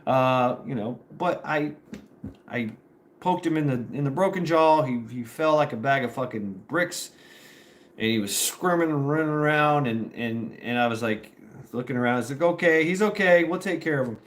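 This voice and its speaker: A man's voice: mid-range voice, normal speed, slight background noise. Ex marine guy telling a story live, rambly, swears a lot, tons of fillers. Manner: rambling, profane, filler-heavy.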